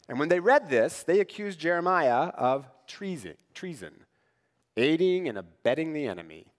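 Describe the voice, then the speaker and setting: A man's voice: a little high, moderate pace. A middle-aged man preaching a sermon as pastor, talking conversationally and animatedly, asking the congregation "right?" often. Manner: conversational, animated, acts out quoted voices. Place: church sanctuary. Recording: long church hall reverb.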